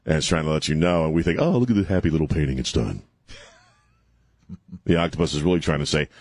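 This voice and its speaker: Deep-voiced wry male radio host. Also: a little mellow. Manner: joking, wry, drops into quick put-on voices. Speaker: radio talk show host. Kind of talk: casual talk radio chat. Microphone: studio microphone.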